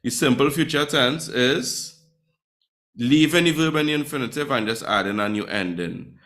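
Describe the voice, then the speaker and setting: A man's voice: mid-range voice, normal speed, fairly bright tone. A man teaching Spanish grammar to a class, quizzing students and often checking in with "right?". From Trinidad and Tobago.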